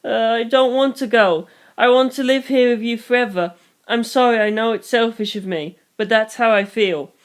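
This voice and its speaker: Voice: moderate pace, clean tone, close to an everyday voice. A reader voicing a scared, stubborn eleven-year-old girl who pleads through sobbing tears, in a fan reading of a novel. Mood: pleading. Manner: sobbing, pleading, rising high. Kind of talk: audiobook reading.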